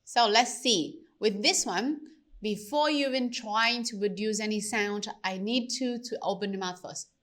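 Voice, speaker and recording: A woman teaching pronunciation, slowly demonstrating sounds and repeating them for learners. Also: mid-range voice, fairly bright tone. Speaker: language teacher. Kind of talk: pronunciation lesson.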